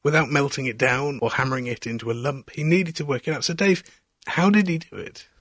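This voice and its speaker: A man's voice: mid-range voice, fairly quick, fairly bright tone, husky, no room sound. Man, science show presenter, curious questioning, dry close sound. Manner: curious, asks leading questions, narrates each step. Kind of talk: hands-on science demonstration chat.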